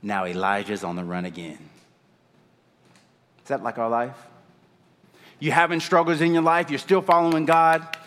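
A man preaching a sermon in a church, retelling a story in an animated, conversational way. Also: medium pitch, normal speed, long pauses, long reverb tail. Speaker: pastor.

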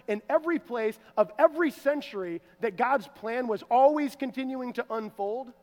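A male pastor preaching a sermon, animated, swinging between loud emphasis and hushed asides. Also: very high voice, fairly quick, few pauses, in a large hall.

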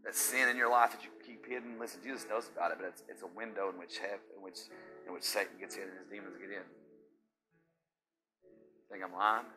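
A man preaching a sermon as pastor, swinging from hushed intensity to shouting and quizzing his congregation with call-and-response questions. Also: sits low, steady tone, fairly quick, long pauses, over music.

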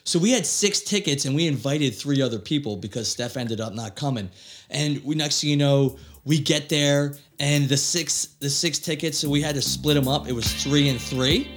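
Excitable male podcast guest. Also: fairly high pitch, normal speed, soft background music. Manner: excitable, laughing storyteller, says dude a lot. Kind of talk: casual chat.

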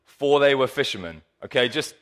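Bright-voiced preacher, playful. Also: male voice, mid-range voice, animated, normal speed. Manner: playful, jokey, addresses the congregation directly. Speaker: pastor. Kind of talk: sermon. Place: church hall. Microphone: handheld mic.

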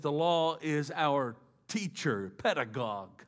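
A man preaching a sermon, slow and deliberate, dropping to a hush on key phrases. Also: mid-range voice. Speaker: pastor.

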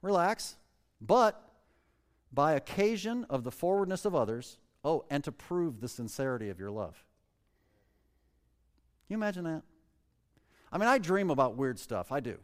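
A pastor preaching a conversational sermon, asking the congregation questions and reading scripture slowly before explaining it in plain words. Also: male voice, on the high side, very animated, long reverb tail.

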